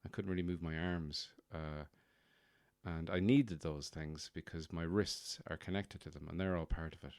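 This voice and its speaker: A man hosts his podcast in a deep, smooth voice, rambling through a casual comic monologue. He is wry and self-mocking. The sound is close and dry. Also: normal speed, a little mellow, no room sound. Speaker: podcast host.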